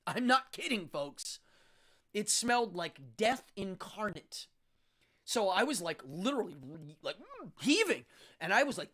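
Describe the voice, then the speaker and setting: A man's voice: high-pitched, big pitch swings, moderate pace, fairly bright tone. A middle-aged man who hosts a talk show and works as a stage magician, telling backstage stories in a blunt, frank way. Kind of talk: casual storytelling on a talk show.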